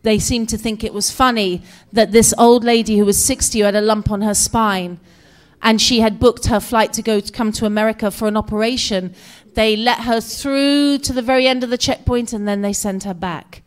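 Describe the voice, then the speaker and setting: A British woman in her forties tells a personal story to an audience, her voice a little high. She is animated and expressive. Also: normal speed. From Britain. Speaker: guest speaker. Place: community center hall.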